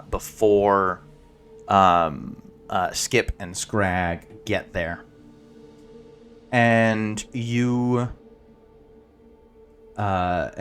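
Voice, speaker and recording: Male tabletop game master; low, slow, halting narration. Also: a bit bright. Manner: halting, searching for words.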